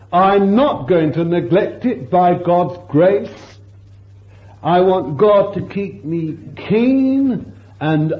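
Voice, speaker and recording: A man preaching a fervent sermon, breaking into exclamations of praise and asking his listeners rhetorical questions. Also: sits high. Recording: echoey dull lo-fi sermon recording.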